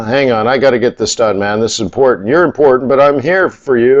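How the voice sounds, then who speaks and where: A man's voice: mid-range voice, expressive, a little fast, few pauses. A middle-aged man hosting a live trading stream. He talks in a rambling, blunt, casual way, grumbles and swears now and then. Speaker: live stream host, forex trader. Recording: slightly dull lo-fi audio.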